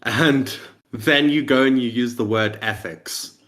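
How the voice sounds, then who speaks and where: A man's voice: medium pitch, slow pace, fairly bright tone. A man co-hosting a podcast in casual chat, explaining his points insistently. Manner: lecturing, insistent, stating facts. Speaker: podcast co-host.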